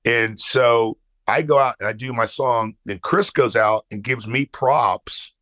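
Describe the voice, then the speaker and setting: A middle-aged man from Texas, telling a story as a guest and quoting people with quick shifts of voice. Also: medium pitch, fairly bright tone, dry recording. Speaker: guest musician. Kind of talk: storytelling anecdote.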